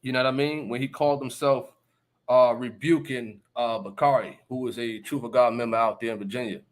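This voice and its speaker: A man's voice: medium pitch, steady tone, fairly quick. A man hosting a casual live stream, talking emphatically and often asking listeners if they understand. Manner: laughs between remarks. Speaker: livestream host.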